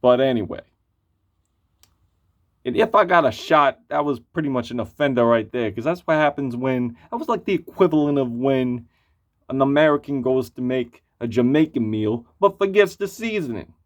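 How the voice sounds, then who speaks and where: A man's voice: mid-range voice, lively intonation, normal speed. A man giving a casual spoken album review, blunt and profane, rambling with lots of fillers. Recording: muffled lo-fi recording.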